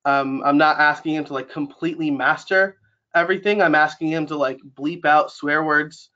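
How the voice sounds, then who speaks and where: Man, New York accent, slightly high voice, casual webinar presenter, filler-heavy, lo-fi sound. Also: steady tone, normal speed, bright, forceful tone. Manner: chatty, many fillers like um and like. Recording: dull lo-fi webinar audio.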